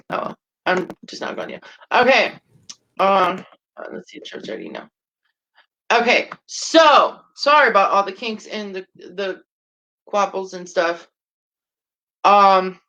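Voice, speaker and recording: A man hosts a casual live-streamed talk show from home, rambling and hesitant as he fumbles through his intro. His bright voice swings up and down a lot, and he talks at an unhurried pace. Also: sits high, dull audio. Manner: hesitant, rambling, sprinkled with fillers and swearing.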